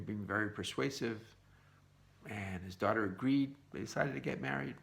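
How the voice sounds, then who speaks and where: A man teaching a Bible lesson, retelling an old story in a relaxed, conversational way. His voice is low and carries heavy vocal fry throughout. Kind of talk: storytelling a midrash.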